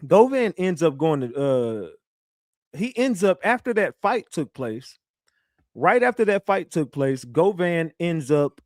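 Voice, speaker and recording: A man's voice: a little high, a little mellow, no echo, clean studio sound. A man hosting a livestream, talking in a loose, rambling way with street slang and many restarts. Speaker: livestream host. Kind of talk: casual livestream commentary.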